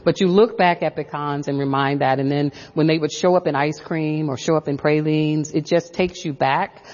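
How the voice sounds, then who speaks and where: Low-voiced, reflective woman professor. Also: fairly even intonation, normal speed, darkish tone, long reverb tail, muffled recording. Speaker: professor and author. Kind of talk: radio interview.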